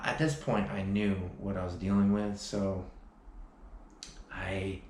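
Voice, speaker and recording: Gravelly low-voiced man telling a story. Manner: emphatic storytelling with frequent restarts and "like". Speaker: vlogger. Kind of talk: personal story vlog. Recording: echoey room, faint background noise.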